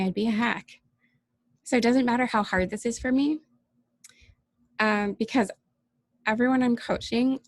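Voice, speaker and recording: A woman life coach speaking earnestly and emotionally in a personal welcome vlog, pausing often and sometimes close to tears. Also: mid-range voice, vocal fry, no echo. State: teary-eyed.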